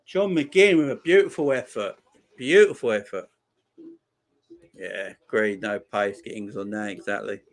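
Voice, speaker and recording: A man hosting a live football watchalong, giving casual commentary and chatting back to viewer comments. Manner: reacts loudly to chances on the pitch. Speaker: watchalong host.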